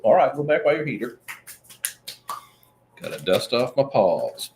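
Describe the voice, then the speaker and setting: A man's voice: mid-range voice, very animated, unhurried, darkish tone, a little hiss or hum. A man hosting a casual live podcast, joking around and reading viewer comments aloud. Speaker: podcast host. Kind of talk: casual livestream chat.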